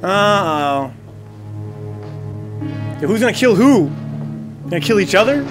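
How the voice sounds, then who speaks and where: A man hosting a casual movie reaction, talking in an excitable, slangy way, swearing and calling out at the screen. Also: high voice, unhurried, over music.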